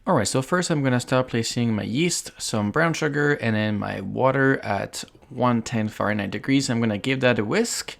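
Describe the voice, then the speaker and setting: French-accented male chef host, mid-pitched voice, playful and chatty, walks through a recipe step by step. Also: normal speed, gravelly, hardly any pauses, faint music behind. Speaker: chef and cooking show host. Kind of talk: cooking tutorial.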